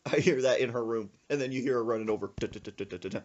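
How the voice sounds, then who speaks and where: A man's voice: medium pitch, brisk, a little mellow, muffled recording. A young man, hosting a podcast and telling a funny story with lots of acted voices. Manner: acts out quotes, laughs often. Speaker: podcast host. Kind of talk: animated storytelling.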